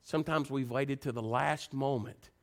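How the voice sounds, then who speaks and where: Preacher man delivering a sermon. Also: normal speed. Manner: animated, rising to high excited pitch when telling stories.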